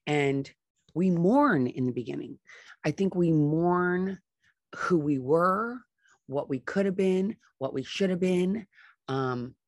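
A woman's voice: on the low side, lively intonation, takes it slowly, a little mellow, no echo, clean studio sound. A middle-aged woman hosting a solo podcast, talking with enthusiasm and repeating phrases for emphasis. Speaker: podcast host.

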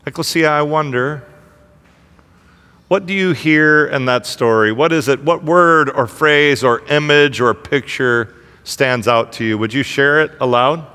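Man, pastor, energetic sermon, bright voice, long church reverb. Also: medium pitch, unhurried, clean tone. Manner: energetic preaching, asks the congregation questions.

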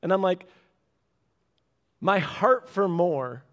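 A man in his thirties preaching a sermon, animated and acting out little voices as he speaks. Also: slow pace, muffled recording. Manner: animated, acts out voices with big pitch jumps. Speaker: pastor.

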